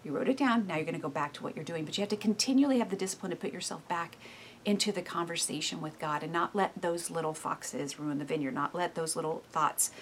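A woman in her thirties giving a devotional teaching in a lively, expressive way, acting out inner voices and often dropping to soft, hushed tones. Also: on the low side, fast, a little hiss or hum. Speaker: speaker giving a devotional talk.

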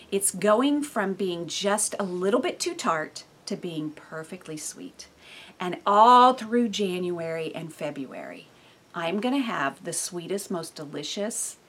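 A Bible teacher living in California gives a casual devotional talk, animated and laughing often, with sudden bursts of loudness. Her voice is medium-pitched with a breathy edge.

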